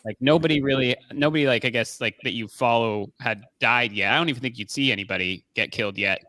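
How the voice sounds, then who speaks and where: A man co-hosts a movie podcast, chatting casually about films and rambling with lots of fillers and restarts. He talks fast in a mid-range, bright voice with a forceful tone, and there's no echo.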